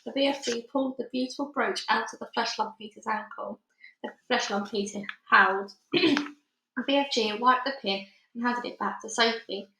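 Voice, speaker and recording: A woman reads a children's book aloud, telling it in a lively, dramatic way. Her voice is bright and sits a little high. A roomy echo surrounds it. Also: normal speed, slight background noise. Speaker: storybook reader.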